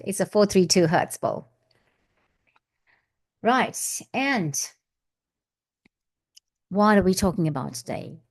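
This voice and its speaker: A woman with a gravelly, medium-pitched voice hosts a casual spiritual vlog on her channel. She's chatty and meandering, full of asides, and now and then breaks into flowing chanted syllables.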